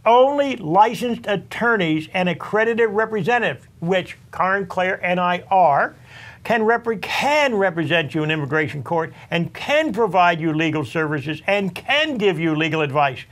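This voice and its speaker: High-voiced earnest attorney host, man. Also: expressive, moderate pace, fairly bright tone. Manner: earnest, repetitive, advising listeners directly. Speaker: tax and immigration attorney, show host. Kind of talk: talk show monologue.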